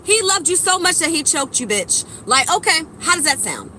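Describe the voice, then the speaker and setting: A woman giving a blunt, profane motivational monologue to her viewers, preachy and emphatic, swinging between loud bursts and low mutters. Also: very animated, normal speed, a little hiss or hum, rough recording. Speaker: spiritual vlogger.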